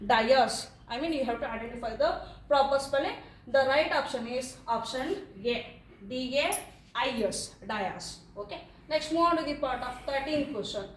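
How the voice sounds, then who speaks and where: High-voiced Indian woman teaching in an echoey room. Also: expressive, recorded from a distance, slight background noise. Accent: Indian English. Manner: explains each answer, repeats options slowly, frequent "okay". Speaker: English teacher. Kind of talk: exam answer walkthrough lesson.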